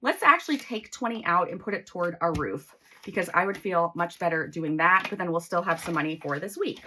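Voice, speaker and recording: Lively chatty woman counting cash. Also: lowish voice, brisk, slight background noise. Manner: chatty, counts bills aloud, excitable. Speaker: budgeting vlogger. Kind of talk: casual chat while counting cash.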